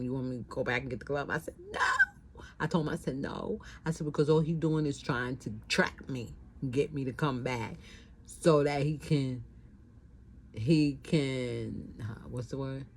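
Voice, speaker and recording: A woman's voice: very deep voice, vocal fry, darkish tone, slight background noise, rough recording. A middle-aged woman, telling a personal story in a casual, conversational way, repeating phrases and acting out what people said. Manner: conversational, repeats herself, acts out quotes.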